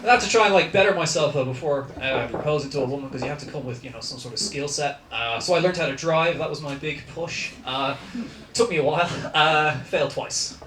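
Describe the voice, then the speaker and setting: Doing crowd work and dry, self-deprecating jokes, a young stand-up comic with a posh South Dublin Irish accent, originally from South County Dublin, delivers his set. His voice sits on the high side, a bit bright and a little fast. Audience laughter fills the noisy, echoey club, which is recorded from far away.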